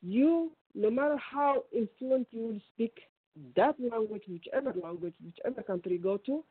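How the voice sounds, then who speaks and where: A middle-aged woman with an Ethiopian accent, calling in as a radio guest and speaking haltingly with many restarts. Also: on the high side, expressive, husky, no echo. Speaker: guest caller. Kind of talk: radio call-in interview. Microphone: phone. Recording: tinny phone line.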